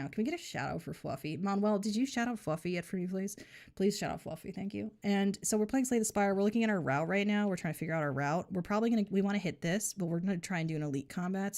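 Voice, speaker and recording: A woman's voice: lowish voice, a little mellow. A woman streaming a game live, chatting casually in a joking, rambling, mock-boastful way.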